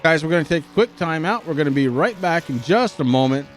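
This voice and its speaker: A man commentating a sim racing broadcast, excitable and out of breath, with stammering restarts. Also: fairly high pitch, fast talker. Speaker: race commentator.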